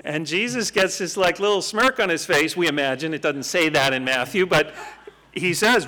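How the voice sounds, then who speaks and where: A man teaching from scripture in a lively, conversational way, often tossing out rhetorical questions. His voice is bright and forward, pitched a little above the usual man's. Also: moderate pace. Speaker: Bible teacher. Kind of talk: Bible teaching talk.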